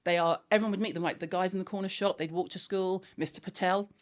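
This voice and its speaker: A middle-aged woman guest with a mixed Scouse and West London accent, telling a family story in animated, blunt chat and swearing freely. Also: fairly low pitch, fast talker. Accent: Scouse and West London mix. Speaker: guest, skincare founder.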